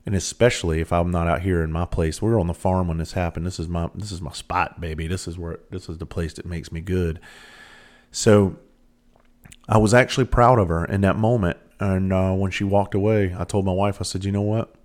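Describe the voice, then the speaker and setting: A man's voice: deep voice, steady tone, brisk. A man in his thirties telling candid personal stories in a casual, rambling monologue, swearing freely.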